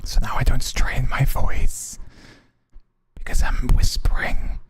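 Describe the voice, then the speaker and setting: A man putting on a breathy mock ASMR whisper close to the microphone, a whispered role-play. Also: mid-range voice, steady tone, slow pace. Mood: teasing. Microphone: close desk microphone.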